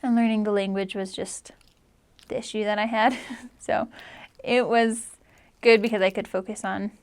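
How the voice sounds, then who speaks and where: A woman's voice: medium pitch, fairly even intonation, moderate pace, smooth. A woman in her twenties, a returned missionary telling her story in a chatty, emotional way and saying "like" often. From United States. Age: 20s. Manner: chatty, leans heavily on "like", emotional at times. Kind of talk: casual personal storytelling.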